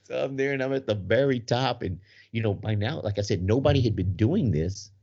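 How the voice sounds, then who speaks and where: A man's voice: mid-range voice, expressive, a little fast, darkish tone, slightly rough. A middle-aged man hosting a podcast, animatedly telling a story and laughing as he goes. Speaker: podcast co-host. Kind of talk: casual storytelling. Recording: muffled lo-fi recording.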